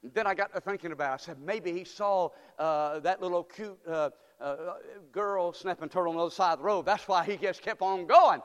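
Male pastor, high-pitched, fervent sermon with shouted call-and-response, echoing church hall. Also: a little fast.

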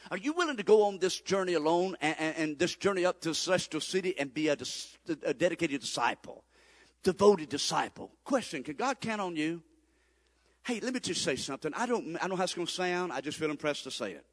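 A man, preaching a sermon as pastor, swinging from loud appeals to low confiding asides. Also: expressive, fairly quick, big-room sound. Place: church sanctuary.

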